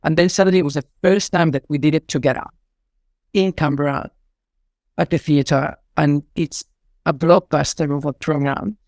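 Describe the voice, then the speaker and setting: A middle-aged artistic director and choreographer from Spain, with a Spanish accent, answers interview questions in an effusive, rambling way full of fillers. His voice is on the high side and darkish, steady at a moderate pace, recorded in clean studio quality with no room sound.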